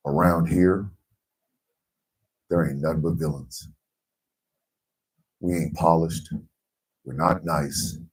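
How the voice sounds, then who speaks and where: A very deep-voiced American man hosts a morning radio show, talking in a blunt, impassioned rush. His words are heavily profane. He sits slightly back from the microphone. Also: fairly even intonation, slow, long pauses, distant mic, poor audio. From United States.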